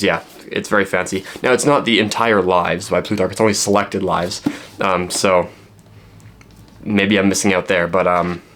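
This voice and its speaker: A man's voice: lowish voice, fairly bright tone, a little hiss or hum. A man vlogging a book haul in a casual, rambling way, full of fillers and joking asides.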